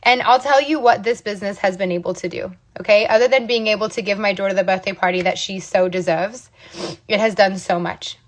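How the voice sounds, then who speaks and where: A woman in her thirties speaks straight to her viewers in a casual, motivational vlog. She talks emphatically and keeps checking in with her audience. Her voice sits at an ordinary middle pitch for a woman. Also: brisk. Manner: emphatic, repeats "okay?" and "you guys". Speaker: business owner sharing her story. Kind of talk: casual motivational talk to camera.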